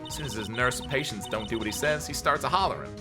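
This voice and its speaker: A man's voice: mid-range voice, fast, over loud music, natural voice. A man voicing a brash young woman photographer in a put-on American Southern accent while reading game dialogue aloud, folksy and blunt.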